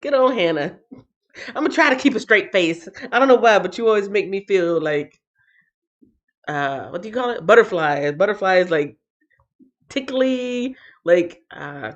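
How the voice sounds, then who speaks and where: Woman from the northern US, lower voice, chatty live-stream Bible reader who talks straight to viewers, slightly muffled lo-fi audio. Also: very animated, normal speed. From northern United States. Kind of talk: casual live-stream chat and Bible reading.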